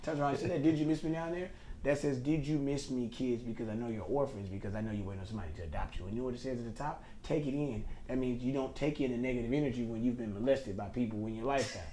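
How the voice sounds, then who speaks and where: Man, podcast host, animated storyteller, speeds up in bursts of impression; mid pitch, faint noise. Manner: animated, fast when imitating.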